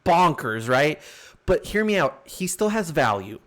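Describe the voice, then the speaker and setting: An animated young man talking sports on a podcast, pitching a trade idea with growing excitement. His voice sits a bit high for a man, and he bursts into loud laughter and mock voices. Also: measured pace. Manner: animated, laughs loudly, breaks into mock impressions. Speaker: podcast co-host. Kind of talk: casual sports chat.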